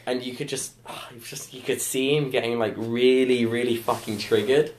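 A man's voice: medium pitch, fairly even intonation, moderate pace, slight background noise. A young man telling rambling school stories on a casual podcast, full of "like" fillers and laughter. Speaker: podcast co-host. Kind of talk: casual storytelling chat. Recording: echoey room.

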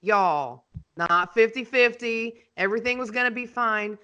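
A woman, a podcast host and real estate agent telling animated, dramatic stories in casual chat. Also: fairly high pitch, unhurried, highs cut off.

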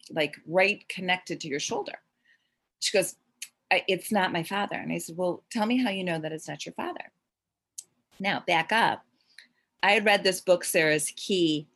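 A woman's voice: on the low side, a bit bright. A middle-aged woman, a medium, telling a long personal story in casual conversation, rambling and restarting with frequent fillers. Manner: rambling, self-interrupting, with frequent "like" and "um". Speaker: medium sharing readings.

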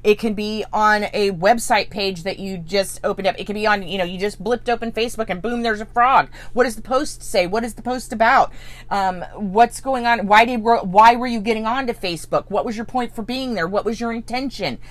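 A woman's voice: medium pitch, fairly quick. Earnest woman giving spiritual coaching. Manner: earnest, tags lines with "right?" and "okay?"; acts out listeners' inner voice. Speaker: spiritual teacher.

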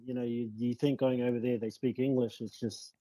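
A man from New Zealand, a rugby league player, is a guest on a casual podcast interview, relaxed and rambling with lots of fillers. His voice is very dark yet mid-range in pitch, and he speaks briskly in a recording with no room sound but poor audio.

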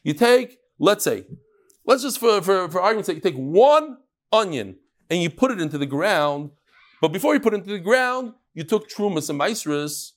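A man teaching a Talmud class, reading Aramaic lines and explaining them in English in a lively, questioning way. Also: high-pitched, normal speed.

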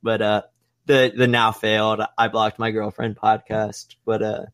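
A man's voice: fairly low pitch, level tone, unhurried, a bit bright, no echo. Rambling, profane young man, dry close mic. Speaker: podcast host. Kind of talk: casual podcast chat.

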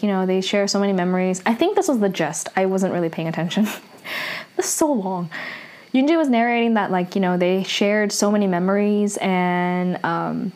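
A woman's voice: mid-range voice, a little mellow. A woman casually recapping and reviewing a TV drama, chatty and full of fillers and restarts.

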